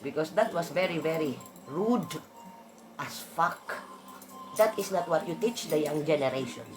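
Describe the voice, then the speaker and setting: A woman's voice: low voice, lively intonation, measured pace, music in the background. A woman in a casual monologue, blunt and emphatic, swearing freely as she rants. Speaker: vlogger.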